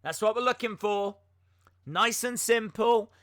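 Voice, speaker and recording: Casual male stream host, slightly high voice, bright and forceful, self-mocking and filler-heavy. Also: unhurried, no room sound, clean studio sound. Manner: chatty and self-mocking, with many filler words. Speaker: wrestling podcast host. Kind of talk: casual live-stream chat.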